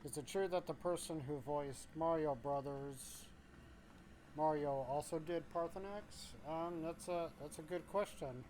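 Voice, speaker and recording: A man streaming a game, reading chat aloud in a laid-back, drawn-out way, thinking aloud with restarts. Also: fairly high pitch, mellow, slight background noise.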